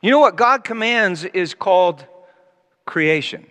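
Male preacher, high and lively, shifting from booming emphasis to hushed asides, heard with long reverb in a big hall. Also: measured pace. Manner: animated, swinging from loud emphasis to quiet asides. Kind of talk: sermon with Bible teaching.

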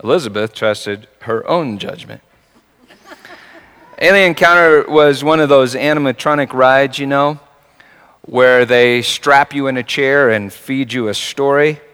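A man preaching a sermon through a personal story, told in an animated way that swings from hushed and soft to shouting. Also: medium pitch, measured pace, smooth, big-room sound.

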